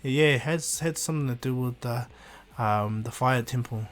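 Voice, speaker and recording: A man's voice: mid-range voice, normal speed, lightly acted. A man voicing a cheerful, joking young male ninja who talks in a chatty, upbeat way.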